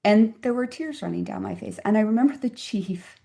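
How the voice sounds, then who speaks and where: A woman's voice: medium pitch, expressive, a little fast, gravelly, dark tone. Woman, 50s, physician guest; earnest, reflective storyteller, mid-range voice. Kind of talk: conversational interview storytelling.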